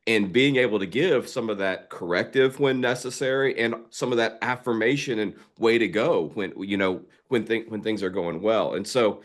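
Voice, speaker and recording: Thoughtful low-voiced man explaining. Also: moderate pace, hardly any pauses. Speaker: ministry leader and podcast co-host. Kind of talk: casual conversation.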